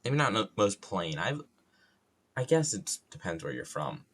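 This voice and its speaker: A man's voice: on the low side, big pitch swings, measured pace, breathy edge. A man from New York streaming live, rambling casually in a self-mocking, loosely profane way with a plain, neutral accent.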